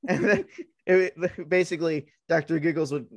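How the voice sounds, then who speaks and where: A giggly man riffing as a podcast co-host, rambling along with plenty of filler words. His voice sits a little high for a man and is recorded dry and close, with no room sound. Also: very animated, normal speed, dry recording. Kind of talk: casual comedic chat.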